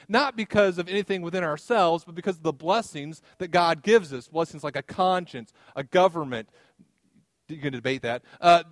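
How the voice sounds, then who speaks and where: A man preaches a sermon to his congregation, telling everyday stories with gentle humor. His voice sits somewhat high for a man and sounds close and dry, with little room echo. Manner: conversational preaching with personal anecdotes and light humor. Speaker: pastor.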